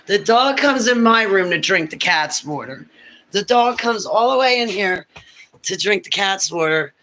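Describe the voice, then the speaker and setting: A man's voice: high-pitched, lively intonation, a little slow, pushed and bright, slight background noise. A man vlogging casually from a cluttered room at home on a handheld phone, rambling and cooing baby talk to his pets. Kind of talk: casual home livestream chat. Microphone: handheld phone camera.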